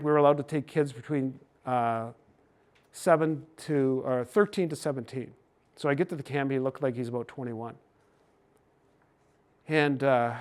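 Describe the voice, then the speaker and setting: An older Canadian man giving a gentle, folksy storytelling talk to a hockey team. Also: fairly high pitch. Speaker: speaker on cultural mindfulness.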